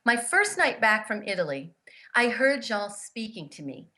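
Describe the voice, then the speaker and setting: A woman's voice: a little high, a little slow. A woman telling personal stories as a guest in an interview, earnest and emphatic, acting out the voices of the people she quotes. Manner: lively storyteller who acts out the voices of the people she quotes. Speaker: guest, grief therapist and author.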